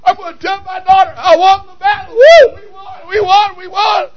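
A man's voice: high voice, slow pace, dull audio. A male preacher acting out a warrior father who cries out in anguish. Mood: triumphant. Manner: shouting, crying out.

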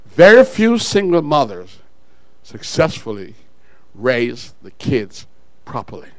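A male pastor preaching a sermon in an animated way, shouting at some points, dropping low at others and chuckling at his own asides. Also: takes it slowly, no room sound, poor audio.

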